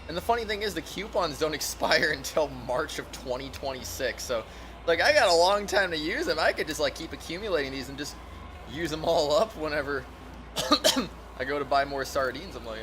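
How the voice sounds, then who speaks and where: A man's voice: a little high, expressive, moderate pace, background noise. A man streaming a video game, chatting in a rambling, goofy way and humming along. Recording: voice over loud game music.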